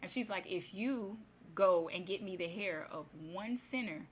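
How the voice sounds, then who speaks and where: A woman's voice: medium pitch, measured pace, slight background noise. A woman casually retelling a fairy tale in her own words, rambling and chatty, with many restarts. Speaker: storyteller.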